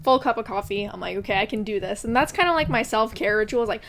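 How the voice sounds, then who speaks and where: A woman's voice: medium pitch, animated, fast talker, a little hiss or hum. A young woman co-hosting a podcast, chatting casually, swearing and laughing often. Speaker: podcast co-host. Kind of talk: casual chat.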